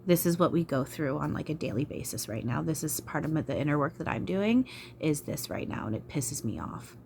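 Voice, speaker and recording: A woman's voice: deep voice, animated, fairly quick, vocal fry, a little mellow, a little hiss or hum. A woman channeler talking to camera in an emotional vlog, frustrated, sighing and swearing. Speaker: spiritual channeler.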